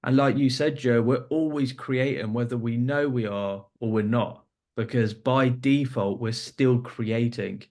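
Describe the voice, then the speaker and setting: A man's voice: medium pitch, steady tone, unhurried, few pauses, darkish tone. A man hosting a podcast, explaining his points earnestly and building them up with examples. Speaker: podcast host. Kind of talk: podcast discussion.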